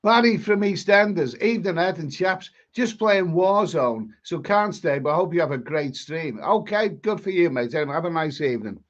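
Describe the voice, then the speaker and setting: A man's voice: on the high side, lively intonation, moderate pace, hardly any pauses, lo-fi sound. A man with a Scouse accent hosting a live stream, chatting casually and rambling through viewer comments with many restarts. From England.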